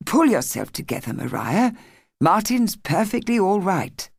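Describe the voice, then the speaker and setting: A woman voicing an embarrassed middle-aged father speaking in a stiff, brisk manner in an audiobook. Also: mid-range voice, very animated, gravelly, breathy edge, no room sound, clean studio sound, full character voice.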